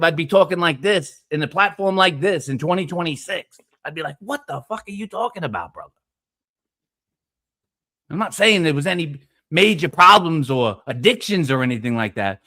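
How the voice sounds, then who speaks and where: A man ranting in casual streamed panel chat, profane and preachy, with loud emphatic bursts. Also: sits high. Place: online streaming call.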